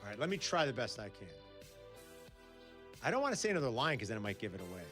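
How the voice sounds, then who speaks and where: A man's voice: medium pitch, fast talker, faint music behind. A man hosting sports radio, teasing his co-workers in casual studio banter. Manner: teasing, exclamatory, lively.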